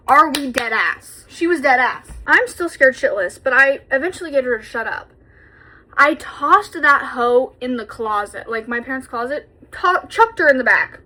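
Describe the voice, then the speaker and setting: Bright, high-voiced chatty woman vlogger. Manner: chatty, animated, swears freely, dramatic storytelling. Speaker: beauty vlogger. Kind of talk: casual storytime chat while doing makeup. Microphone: phone camera propped up.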